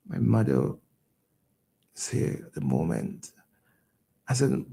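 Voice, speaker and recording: A man, a radio station owner telling his story as a guest, halting and repeating words when moved. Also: medium pitch, big pitch swings, creaky, warm tone, breathy edge. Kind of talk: emotional personal storytelling.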